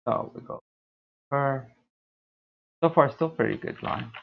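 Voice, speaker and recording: A young man streaming a game, talking through his play in a laid-back, rambling way with a deep, dark voice. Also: measured pace, gravelly, a little hiss or hum. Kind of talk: casual gameplay commentary. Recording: tinny lo-fi stream mic.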